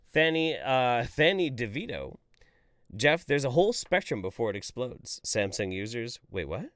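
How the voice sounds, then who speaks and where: A man hosting a livestream, reading out viewer chats and ranting about them with profanity and exasperation. He swings between loud outbursts and mumbled asides. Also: medium pitch, sing-song, moderate pace, dry recording, studio quality. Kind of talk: livestream commentary.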